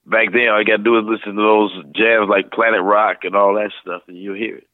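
A man in his fifties from St. Louis, telling rambling, lively stories as an interview guest. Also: fairly low pitch, fairly quick, no room sound. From St. Louis, USA. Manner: rambling, animated anecdotes, slips into voices. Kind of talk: casual storytelling interview. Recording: tinny phone line.

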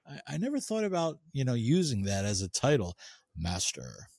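A man telling stories on a casual podcast, rambling with lots of "you know"s. His pitch is average. The sound is dry and up close. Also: wildly swooping pitch, normal speed, vocal fry, darkish tone, breathy edge, no room sound. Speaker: podcast co-host, cigar blender.

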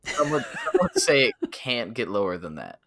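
A man's voice: mid-range voice, huge pitch swings, moderate pace, bright, forceful tone, breathy edge. A man co-hosting a casual fantasy football podcast, joining in with playful joking banter. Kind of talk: casual sports chat.

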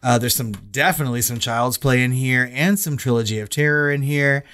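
A man's voice: mid-range voice, brisk, a bit bright, clean tone. Enthusiastic laughing male podcast co-host. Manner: enthusiastic, laughing, swearing casually. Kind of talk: casual chat.

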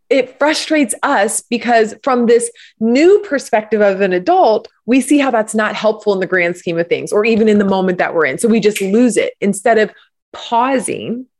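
Animated woman explaining parenting ideas. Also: a little high, moderate pace. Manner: animated storyteller, explains with enthusiasm. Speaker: guest, parenting coach. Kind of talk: conversational interview.

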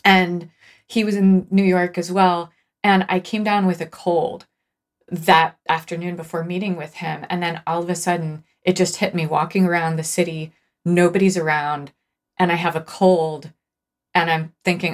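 A woman's voice: on the low side, little pitch movement, normal speed. A woman guesting on a talk show as an author, telling stories in a thoughtful, earnest way. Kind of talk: casual conversation.

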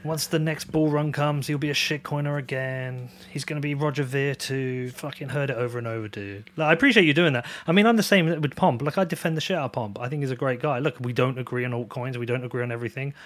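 A man's voice: medium pitch, fast talker, hardly any pauses, fairly bright tone, dry recording. A man hosting a podcast, talking bluntly and swearing freely, and raising his voice when he quotes others. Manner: blunt and profane, quoting others in a raised voice. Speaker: podcast host. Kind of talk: casual conversation. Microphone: video call.

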